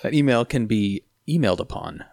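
A man's voice: on the low side, lively intonation, fairly quick, vocal fry, a little mellow, no room sound, studio quality. A man co-hosting a podcast in casual chat, with wry, joking remarks. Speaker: podcast co-host. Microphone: headset mic.

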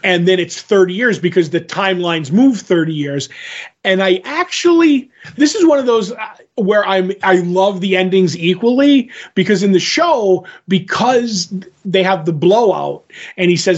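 A man in casual podcast chat, retelling comic scenes with quick quoted lines. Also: high-pitched, lively intonation, lo-fi sound. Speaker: podcast co-host.

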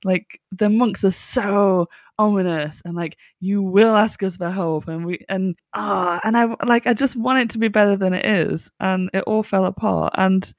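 A woman's voice: mid-range voice, steady tone, normal speed, hardly any pauses, dry recording, clean studio sound. A woman co-hosting a podcast in casual chat, laughing often and restarting her sentences. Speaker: podcast co-host. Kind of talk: casual chat reviewing a TV episode.

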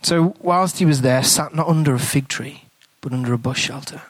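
A man's voice: mid-range voice, moderate pace, few pauses, no echo. A man, a priest and guest speaker, telling a story in a sermon and acting out the conversations in it. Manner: animated storytelling, acts out dialogue, hushed in tender moments.

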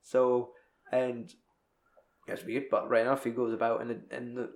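A man's voice: mid-range voice, flat delivery, moderate pace. Sweary man rambling in a roomy echo. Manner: rambling, sweary film recap. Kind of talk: casual chat. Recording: echoey room.

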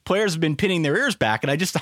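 A man co-hosting a casual sports podcast, talking in an animated, playfully indignant way. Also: a little high, fast, no echo, clean studio sound. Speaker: podcast co-host.

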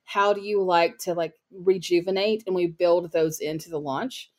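A woman's voice: fairly low pitch, steady tone, normal speed. A woman speaking as a podcast guest about her copywriting work, in casual interview talk full of "like" and "you know". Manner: chatty, heavy use of "like" and "you know" fillers.

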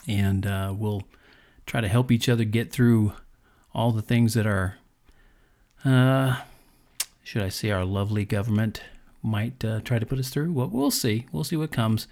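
A man's voice: lowish voice, measured pace, pauses often, darkish tone. A man hosting a devotional podcast, talking in an earnest, conversational preaching manner with frequent fillers. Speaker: podcast host.

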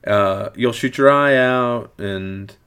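Speaking slowly in a smooth, mid-range voice with a slight brightness, a middle-aged man on a podcast talks about a film he adores. He meanders and repeats himself while working through his ideas, keeping the review chat casual.

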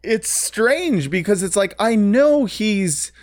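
Man, higher pitch, dry close sound, opinionated casual chat, lots of restarts. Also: no room sound. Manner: animated, opinionated, halting restarts. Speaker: podcast co-host.

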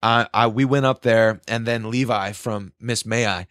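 A young man telling a concert story in casual chat, excitable and swearing, with loud quoted outbursts. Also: lowish voice, moderate pace, no room sound, clean studio sound.

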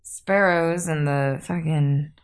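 A woman's voice: sits low, takes it slowly, clean tone. A woman in casual chat, chiming in with short comments and questions. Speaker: podcast co-host.

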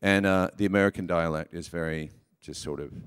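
A man's voice: deep voice, fairly even intonation, brisk, clear, resonant tone. A man with a British accent, a voice actor answering audience questions live onstage, playful and self-deprecating. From England. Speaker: voice actor guest. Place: live convention stage.

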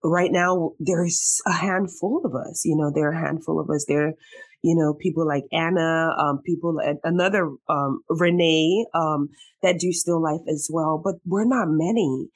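Woman host, low-pitched, bubbly and emotional, laughs a lot in casual chat. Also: normal speed. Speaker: podcast host.

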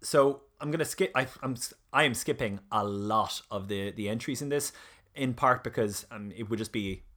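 Man, mid-pitch, casual podcast presenter, halting delivery full of ums and restarts. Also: a bit bright. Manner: hesitant, many fillers and restarts. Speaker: presenter of a history discussion.

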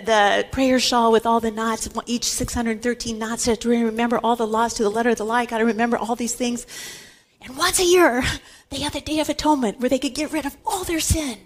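A woman with a high voice teaches scripture in an emphatic talk. She stresses her points by repeating key words over and over, like a Catholic Bible teacher.

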